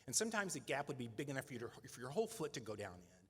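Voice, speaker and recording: A man's voice: medium pitch, big pitch swings, very fast, fairly bright tone, breathy edge. A middle-aged man leading a nonprofit, giving a conversational, earnest speech at a fundraising breakfast and often adding "right?" as an aside. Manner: conversational and earnest, with frequent "right?" tag questions. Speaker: nonprofit leader addressing donors. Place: large event hall. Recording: reverberant banquet hall.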